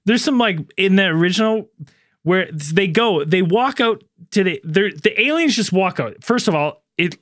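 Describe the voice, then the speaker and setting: Man, high voice, very lively pitch, bright tone, dry close sound, animated casual chat. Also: normal speed. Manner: animated, swearing, mimics lines in voices. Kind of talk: casual chat reviewing a film.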